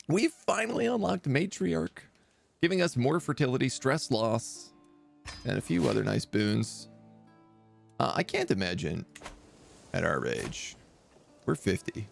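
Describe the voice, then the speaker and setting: A man's voice: medium pitch, sing-song, measured pace, gravelly, long pauses, soft background music. A man streaming a strategy game, thinking aloud in casual, chatty live commentary.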